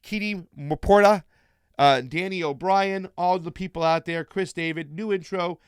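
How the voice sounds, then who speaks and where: A man's voice: high-pitched, fairly even intonation, moderate pace, clear, resonant tone, no room sound, clean studio sound. A man hosting a casual political live stream, chatting and reading out viewer comments. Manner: chatty, reads viewer shout-outs. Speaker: political show host.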